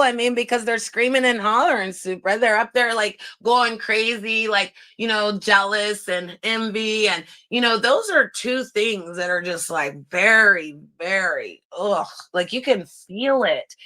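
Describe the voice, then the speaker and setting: This is a woman hosting a casual livestream, talking straight to her viewers. She is blunt and sarcastic and laughs often, and she reads comments aloud as she goes. Her voice sits at a middling pitch. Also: sharp tone. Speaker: livestream host.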